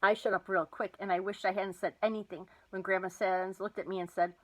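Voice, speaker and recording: A woman reading a children's novel aloud, with lively, expressive storytelling. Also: mid-range voice, brisk, hardly any pauses, low-quality recording. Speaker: storybook reader.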